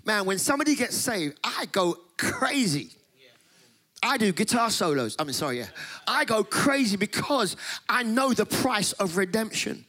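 Animated high-voiced preacher man. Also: normal speed. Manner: animated, laughs often, acts out voices in stories. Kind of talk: sermon with comic storytelling.

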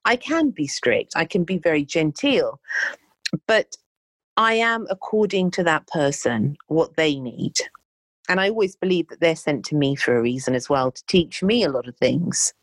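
A woman, a life coach and healer telling stories in conversation, animated and acting out dialogue. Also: low-pitched, normal speed, dry recording. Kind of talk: conversational storytelling.

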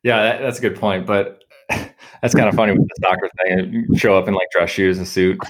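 A man's voice: sits low, steady tone, moderate pace. A man hosting a casual podcast conversation, talking thoughtfully and hesitantly with many fillers.

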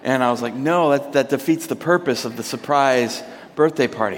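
Rambling pastor telling a family story in a hall. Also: male voice, mid-range voice, moderate pace, slight background noise. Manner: casual, rambling, with many fillers and restarts. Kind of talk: storytelling sermon. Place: church service hall. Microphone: microphone. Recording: long hall reverb.

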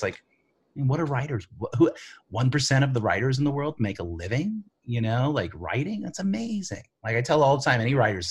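A man's voice: on the low side, slightly rough. A middle-aged man from the Bronx, a screenwriter, telling his story loosely in an interview, full of "you know" and "like". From the Bronx, New York. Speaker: screenwriter guest.

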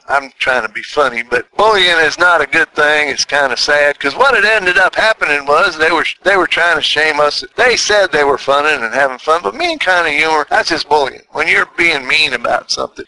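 Older male host, folksy storyteller, very bright tone, slightly raised pitch. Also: low-quality recording. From New York. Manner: folksy, rambling, chuckles often. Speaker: podcast host. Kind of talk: casual monologue.

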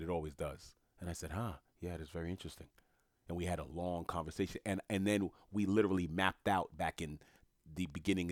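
Man, deep low voice, casual storytelling, animated, acts out other people's lines, dry close sound. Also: dry recording.

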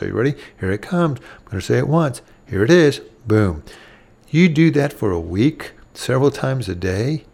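A man's voice: mid-range voice, creaky. A middle-aged man hosting a parenting show, giving earnest advice and acting out what a parent should say to a child. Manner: earnest, acts out gentle parent lines to children. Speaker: parenting podcast host. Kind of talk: instructive talk.

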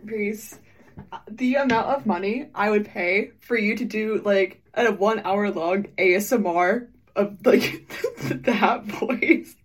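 A woman's voice: medium pitch, measured pace, a little hiss or hum. A woman, a voice actor, telling a funny recording story in a casual, teasing way. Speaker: voice actor in cast Q&A. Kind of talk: casual chat.

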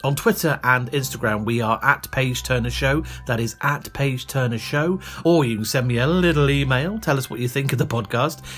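A man's voice: mid-range voice, normal speed, hardly any pauses, a bit bright, a little hiss or hum. Chatty, self-mocking male podcast host. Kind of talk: casual podcast monologue.

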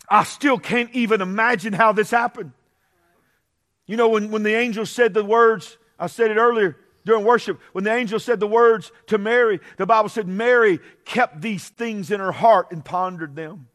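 Middle-aged man, pastor in the pulpit; high voice, chatty asides building into shouted, stretched-out preaching. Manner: swings from conversational asides to shouted, drawn-out preaching. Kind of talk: Pentecostal-style preaching. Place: church sanctuary.

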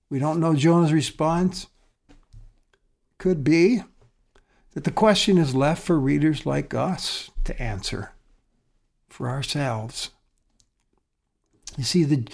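Male pastor, fairly high voice, earnest sermon delivery with shifting emphasis. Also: creaky. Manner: earnest, with swings between loud emphasis and soft, quiet phrases.

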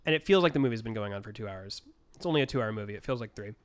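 A man co-hosting a movie podcast, recapping a film in casual chat with sarcastic jokes, swearing, and quick acted-out lines. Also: on the low side, expressive. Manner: sarcastic, swears a lot, acts out scenes in quick voices. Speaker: podcast co-host.

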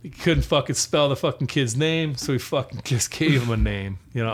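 A man in casual chat, cursing constantly and telling heated, animated stories. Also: mid-range voice, normal speed, husky. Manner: profane, heated storytelling.

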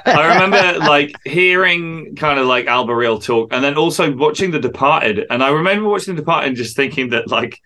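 A man who is a musician guest in a casual interview, talking in animated stories and swearing freely. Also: on the high side, fairly quick, hardly any pauses.

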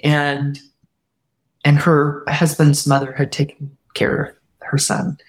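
A woman guest telling a personal story earnestly, often quoting what others said, and reflecting warmly on faith. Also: low voice, monotone, slow. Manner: earnest, heartfelt retelling with quoted dialogue; warm spiritual reflection. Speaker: podcast guest.

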